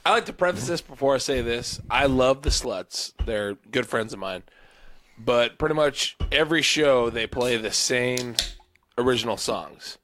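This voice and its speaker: A man's voice: mid-range voice, lively intonation, unhurried, fairly bright tone, slight background noise. A man co-hosting a casual beer podcast, talking earnestly and restarting his sentences. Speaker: podcast co-host. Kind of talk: casual chat.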